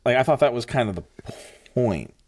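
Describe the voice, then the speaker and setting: A man co-hosting a movie podcast, talking in a relaxed, rambling way. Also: mid-range voice, a little fast, slightly rough. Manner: laid-back, rambling, full of fillers. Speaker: podcast co-host. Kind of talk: casual movie chat.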